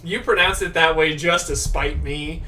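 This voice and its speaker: A podcast host chatting casually and playfully with friends, laughing often and tossing in quick asides. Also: medium pitch, fairly even intonation, bright, forceful tone. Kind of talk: casual chat among friends. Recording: distant mic with background noise.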